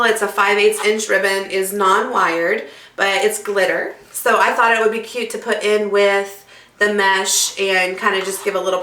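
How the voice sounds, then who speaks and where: A woman's voice: medium pitch, pushed and bright. A woman hosting a casual craft tutorial, chatty and bubbly, with lots of fillers and asides. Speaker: craft video host. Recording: echoey room, mic at a distance.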